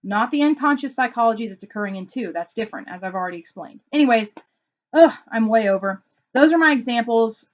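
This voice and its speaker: A woman's voice: a little high, fast talker, dull audio. A woman consultant explaining personality types in a casual vlog, telling stories and acting out quotes. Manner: animated storytelling with acted-out quotes. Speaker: Enneagram consultant.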